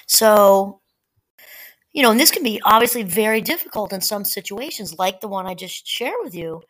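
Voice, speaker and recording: A woman hosting a solo talk, speaking gently and conversationally, reading quotes aloud now and then. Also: mid-range voice, lively intonation, moderate pace. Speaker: podcast host. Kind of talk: reflective solo talk on fear and mindfulness.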